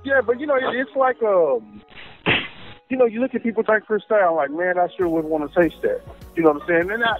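A man's voice: high voice, a little fast, over music. A man from Arkansas calling in by phone while driving, hesitant and rambling with many restarts. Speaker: guest on the phone. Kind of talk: casual chat. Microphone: phone call while driving. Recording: tinny phone line.

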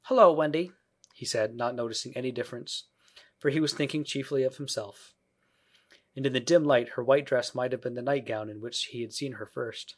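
Reading a children's classic aloud, a mid-range male narrator keeps his scripted audiobook delivery measured and even.

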